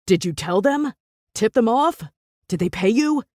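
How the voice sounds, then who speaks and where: A woman voicing a furious, protective male boss and father in an audiobook, accusing at first, later murmuring low and remorseful. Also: lively intonation, unhurried, darkish tone, no room sound, studio quality.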